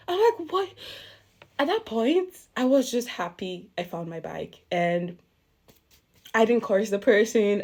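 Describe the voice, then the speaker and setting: A young woman vlogger telling a casual storytime, chatty and animated, often breaking into laughter. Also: medium pitch.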